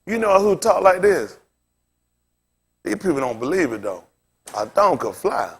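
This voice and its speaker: A man's voice: high voice, big pitch swings, a little slow, husky. A male pastor teaching a Bible lesson in a loose sermon style, constantly throwing questions at his listeners. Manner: quizzes listeners with rhetorical questions, casual phrasing.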